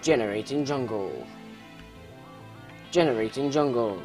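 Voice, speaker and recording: A man's voice: mid-range voice, animated, unhurried, a little mellow, soft background music. A young Scottish man giving casual, rambling commentary on a video game, self-mocking, laughing often and swearing freely. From Scotland. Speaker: let's play host.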